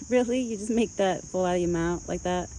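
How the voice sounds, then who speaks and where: Soft-spoken vlogger coaxing a deer outdoors. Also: medium pitch, normal speed, a little hiss or hum. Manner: soft, coaxing baby talk to the animal, lifted and sing-song; relaxed, chatty asides to the viewer. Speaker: vlogger feeding a wild deer. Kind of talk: casual vlog narration mixed with talk to an animal. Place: outdoors in a rural yard. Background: crickets and faint outdoor ambience.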